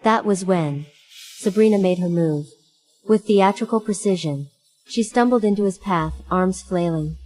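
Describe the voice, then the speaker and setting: Woman, story narration, low voice, mellow tone, steady. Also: measured pace, soft background music, poor audio. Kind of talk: first-person story narration.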